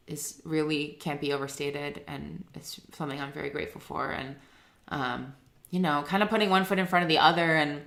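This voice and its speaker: Low-voiced woman with a bright tone. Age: 30s. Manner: rambling, heavy use of "like", laughs often; earnest and emotional. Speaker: guest singer-songwriter. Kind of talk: casual interview chat.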